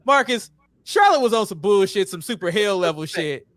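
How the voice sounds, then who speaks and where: A man's voice: sits high, animated, moderate pace, a bit bright, no room sound, clean studio sound. A man from the United States hosting a wrestling podcast, chatty and casual, steering the talk with questions and swearing now and then. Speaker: podcast host.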